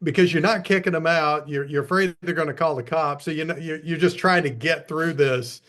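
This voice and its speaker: Man, slightly high pitch, laid-back film chat. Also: fairly even intonation, fairly quick, a bit bright. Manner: conversational, agreeing with short replies. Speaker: podcast co-host. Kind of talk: casual movie discussion.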